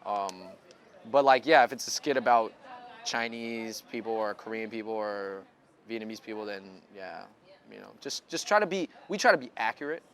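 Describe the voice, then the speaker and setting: A man's voice: on the low side, animated, normal speed, a bit bright. A man speaking frankly and easily in a casual interview, using casual slang.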